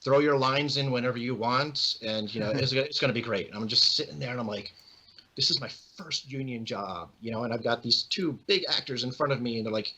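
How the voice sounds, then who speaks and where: Man, young adult, actor guest, casual storytelling, animated, bright tone, husky. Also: mid-range voice, brisk, poor audio. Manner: animated, acts out quoted voices.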